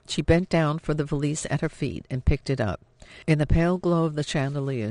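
Guy reading a novel aloud, measured and even, slightly high voice, dry. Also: dry recording. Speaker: audiobook narrator. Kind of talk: scripted narration.

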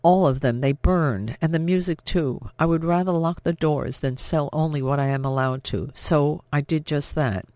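A man's voice: on the high side, normal speed, few pauses, a little mellow, dry recording, lightly acted. Man doing a tired bitter dad who drinks too much, curt and stern, dry sound. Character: bitter, drinking middle-aged father.

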